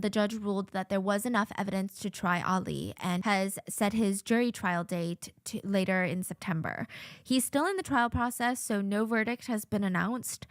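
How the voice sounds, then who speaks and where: A woman's voice: mid-range voice, dry recording. A woman hosts a true-crime commentary show with a mid-range voice, narrating a court hearing with open indignation. The sound is dry and close, with no room behind her. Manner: indignant, conversational storytelling. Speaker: host.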